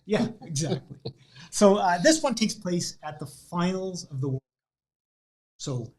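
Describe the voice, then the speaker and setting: Doctor guy guesting on a show, tells long jokes, bit high-pitched, easygoing. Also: slow, low-quality recording. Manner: relaxed storyteller, hesitant at times. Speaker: guest, doctor and joke-book author. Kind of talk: interview chat and joke telling. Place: office studio.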